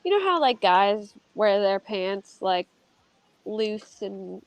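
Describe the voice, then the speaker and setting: A woman's voice: mid-range voice, big pitch swings, slow pace, no room sound, poor audio. A woman hosting a casual true-crime panel chat, talking loosely with many fillers. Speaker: host.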